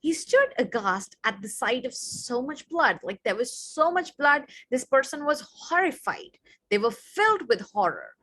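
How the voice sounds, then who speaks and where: Young woman doing an online vocab lesson, casual and chatty, fairly high voice. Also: big pitch swings, a little slow, fairly bright tone, breathy edge. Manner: chatty, explains with examples and frequent "right?". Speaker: vocabulary teacher.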